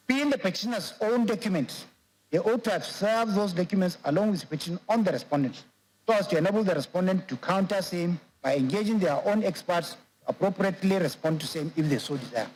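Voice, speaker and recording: A man with a Nigerian English accent, serving as a judge and reading a court judgment aloud in a measured, formal way. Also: high-pitched, darkish tone, low-quality recording.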